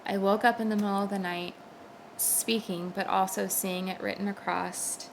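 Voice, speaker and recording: A woman's voice: medium pitch, vocal fry, a little hiss or hum, rough recording. A young adult woman giving a personal faith testimony in an earnest, conversational way, with frequent fillers. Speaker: Christian speaker sharing a testimony.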